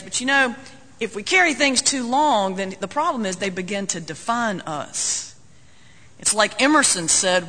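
A man's voice: high-pitched, lively intonation, normal speed, sharp tone. A man preaching a sermon as a folksy, joking storyteller. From North Carolina, US. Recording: long hall reverb.

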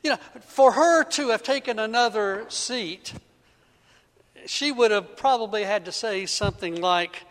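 A man's voice: high voice, a little slow, fairly bright tone. A male pastor preaching a sermon, telling a story with frequent restarts and repeated words. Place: church sanctuary. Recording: echoey church sanctuary.

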